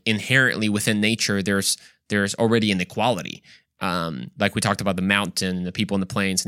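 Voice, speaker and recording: A US podcast host with a mid-range voice and sharp tone explains ideas in a casual, conversational teaching talk, going step by step. He keeps checking in with his audience, frequently with "right?" The recording has no room sound and is studio quality.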